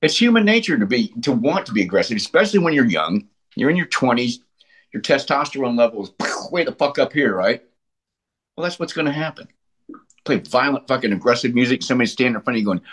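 Blunt, profane husky-voiced man. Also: mid-range voice, fast. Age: middle-aged. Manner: blunt, profane, animated storytelling. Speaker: punk band frontman, guest. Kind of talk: casual interview conversation.

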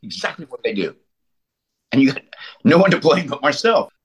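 Blunt, profane husky-voiced man. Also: medium pitch, moderate pace. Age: middle-aged. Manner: blunt, profane, animated storytelling. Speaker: punk band frontman, guest. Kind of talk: casual interview conversation.

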